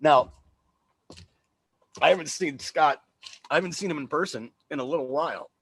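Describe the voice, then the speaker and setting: A man's voice: on the high side, normal speed, a bit bright, slight background noise. A man hosting a casual livestream chat, joking, laughing often and rambling with fillers over a video call. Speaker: host.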